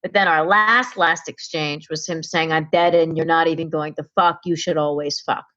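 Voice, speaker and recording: A woman's voice: sits low, steady tone, normal speed, fairly bright tone, muffled recording. A woman from Connecticut, a comedian guest, telling a story in casual talk and acting out the voices of the people in it.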